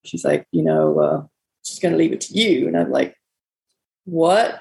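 Gravelly woman telling bar stories. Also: deep voice, wildly swooping pitch, fairly quick, mellow, poor audio. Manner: rambling, folksy, quotes people often. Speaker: bar owner. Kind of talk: casual storytelling interview.

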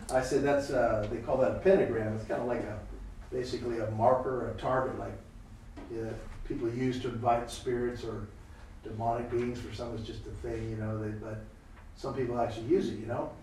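Here a preacher with a mid-range voice moves briskly through a story in his sermon on prayer, animatedly voicing the people involved. The sound is distant and echoey, carrying a little hiss or hum.

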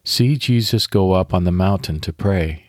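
A man hosting a devotional podcast, leading guided prayer and scripture meditation in a calm, measured, instructive way, recorded close to the mic. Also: low-pitched, dry recording.

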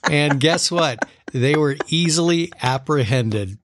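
A man's voice: fairly high pitch, expressive, takes it slowly, heavy background noise. A man co-hosting a casual true-crime podcast, telling stories with frequent chuckles. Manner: chuckling, playful, reads stories with laughs. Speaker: podcast co-host.

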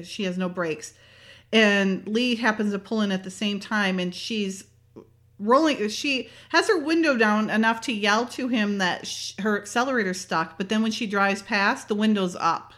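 Chatty woman host, giggly, retells a tv episode scene by scene. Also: mid-range voice. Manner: animated, laughs often, acts out the characters' lines. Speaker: podcast host. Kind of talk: casual chat recapping a TV episode.

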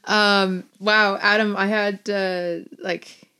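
A woman's voice: medium pitch, flat delivery, slow pace, bright, forceful tone, smooth, no echo, studio quality. A woman hosting a casual interview, encouraging and appreciative toward her guest. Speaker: podcast host. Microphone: close podcast microphone.

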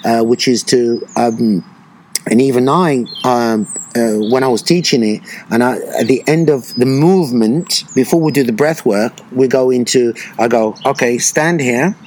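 A man who teaches breathwork retreats, talking slowly and reflectively in an interview, with many pauses and fillers. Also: mid-range voice, a little mellow, slight background noise, poor audio.

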